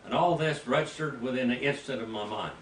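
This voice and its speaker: Older preacher telling a folksy tale, roomy. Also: male voice, medium pitch, a little fast. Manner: folksy, animated storytelling with sudden loud bursts. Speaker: pastor. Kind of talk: storytelling sermon. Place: mission field, preaching to a group. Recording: roomy, distant mic with faint ambient noise.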